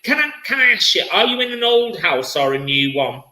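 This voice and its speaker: A man leads a live-streamed spirit reading as a psychic medium, effusive and chatty, repeating his words as he goes. His voice is bright and forceful, and it rings with a roomy echo. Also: sits high, very animated, a little fast.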